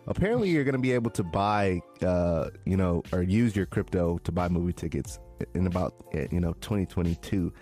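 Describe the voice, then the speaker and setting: Brief: male podcast co-host, low register, easygoing and slangy delivery, faint music bed underneath. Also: expressive, fairly quick, dark tone. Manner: laid-back, slangy, trails off and restarts. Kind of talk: casual chat.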